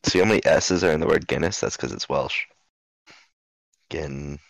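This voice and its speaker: A man's voice: rumbling low, normal speed, vocal fry, dry recording. A young man co-hosting a casual podcast chat, cracking dry jokes. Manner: dry, joking banter. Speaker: podcast co-host.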